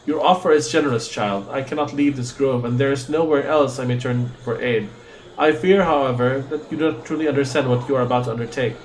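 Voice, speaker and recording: A man reading a gentle, wise old male druid from a game, calm and solemn. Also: medium pitch, a little fast, a little hiss or hum, natural voice. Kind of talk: reading game dialogue aloud.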